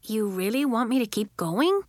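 A woman's voice: fairly high pitch, big pitch swings, moderate pace, a little mellow, no room sound, clean studio sound. A woman voicing a shy, polite young boy in a storybook, speaking hesitantly and earnestly. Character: shy, polite young boy who can't stop floating.

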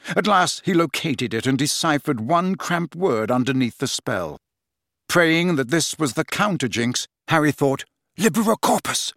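Expressive male audiobook narrator. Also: on the high side, unhurried, dry recording, studio quality. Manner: expressive storytelling. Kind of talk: scripted narration.

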